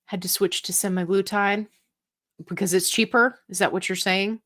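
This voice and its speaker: A woman hosts a live stream, answering viewer questions in a casual, chatty way. Her voice sits in the middle range, and she keeps things upbeat with quick fillers and playful asides. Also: mid-range voice, steady tone, a bit bright.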